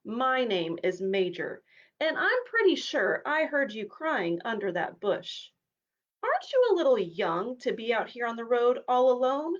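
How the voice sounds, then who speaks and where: A woman's voice: on the high side, very animated, unhurried, dull audio. A woman voicing a proud, snobbish male war horse in a storybook reading, with a haughty, pompous manner.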